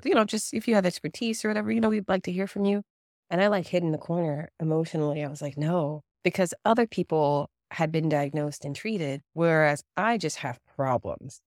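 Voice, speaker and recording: Woman podcast host, lowish voice, earnest and open, dry close sound. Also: dry recording. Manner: earnest, confessional, emotional at times. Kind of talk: candid conversational interview.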